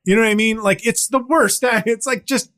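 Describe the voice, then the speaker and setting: A middle-aged man hosts a casual comedy podcast in a notably high voice. He talks in an animated way and drops into quick put-on voices when he quotes people. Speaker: podcast host.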